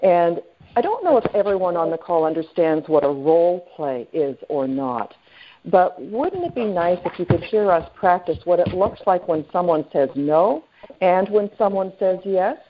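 A woman's voice: lowish voice, lively intonation, moderate pace, slight background noise. A woman leading a sales training call, chatty and full of fillers, often checking in with her listeners. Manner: chatty, with many fillers and friendly questions to the group. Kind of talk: coaching talk on a conference call. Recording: tinny phone line.

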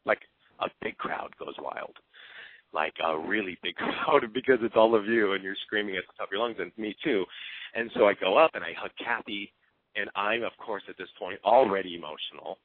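A man's voice: fairly low pitch, normal speed, husky, dry recording. A man giving an earnest, openly emotional motivational talk as a team coach. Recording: tinny phone-line sound.

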